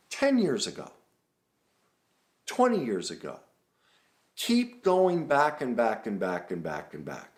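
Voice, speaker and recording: A man working as an emotional coach, leading a guided self-reflection talk in an earnest, emphatic way and steering the listener with questions. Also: lowish voice.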